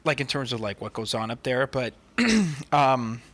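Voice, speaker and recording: A man's voice: mid-range voice, measured pace, fairly bright tone, no room sound. A man co-hosting a podcast, telling stories in casual chat, swearing often and filling with "like" and "dude". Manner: profane, filler-heavy storytelling. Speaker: podcast co-host.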